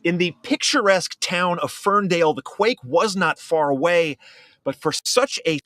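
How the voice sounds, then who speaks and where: A male news reporter delivers scripted narration at a measured, even pace. His voice sits slightly high for a man. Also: dry recording.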